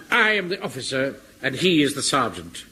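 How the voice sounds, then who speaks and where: An actor playing a pompous middle-aged Home Guard captain in a radio comedy, speaking with indignant self-importance. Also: male voice, mid-range voice. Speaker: captain narrating a radio skit. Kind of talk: 1960s-70s radio comedy acting. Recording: hissy archive radio recording.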